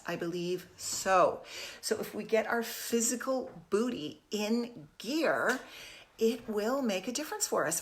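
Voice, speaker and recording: A woman's voice: medium pitch, fairly bright tone. A woman in her fifties hosting a casual live stream from her home kitchen on a phone camera, chatty and upbeat, greeting viewers as she talks. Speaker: fitness host.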